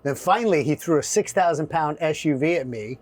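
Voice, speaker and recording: A middle-aged man telling a story in an interview, animated and acting out voices and asides. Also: a little high, a little fast. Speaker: guest.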